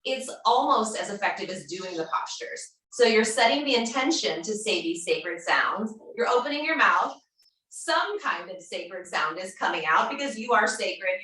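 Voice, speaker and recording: A woman teaching a yoga class, giving calm, encouraging instructions. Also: mid-range voice. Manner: calm, encouraging, gently chanting mantra syllables. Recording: roomy echo, speaker far from mic.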